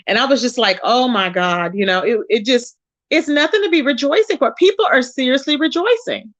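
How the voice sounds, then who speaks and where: A livestream host with a high, animated voice reads chat and gives casual commentary a little fast, in a muffled recording. She greets viewers by name, calls them baby, exclaims in disbelief and repeats phrases for emphasis.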